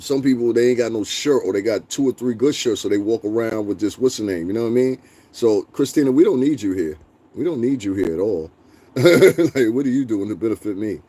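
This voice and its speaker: A man hosting a livestream, ranting bluntly and profanely and answering his chat. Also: fairly low pitch. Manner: profane, blunt, animated, talks back to chat. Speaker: livestream host.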